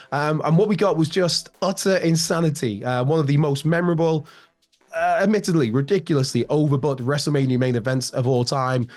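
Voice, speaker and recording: Slightly raspy, chatty male news host. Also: on the high side, darkish tone. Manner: chatty, rambling with fillers and restarts. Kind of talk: online news commentary.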